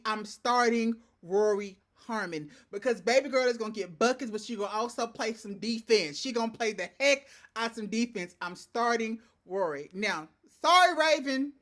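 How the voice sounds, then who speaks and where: Bright-voiced woman chatting about sports. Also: on the high side. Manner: animated, repeats phrases for emphasis. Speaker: podcast co-host. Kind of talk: casual sports chat.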